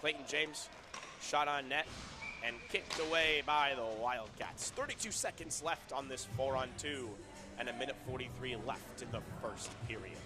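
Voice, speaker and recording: A man giving casual, chatty play-by-play commentary at an indoor roller hockey rink, with quick bursts of excitement. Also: mid-range voice, over music. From Southern California.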